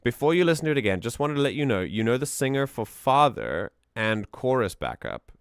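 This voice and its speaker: A man's voice: medium pitch, sing-song, brisk, smooth, dry recording. A man streaming casual music-analysis commentary, enthusiastic and rambling, often restarting his sentences.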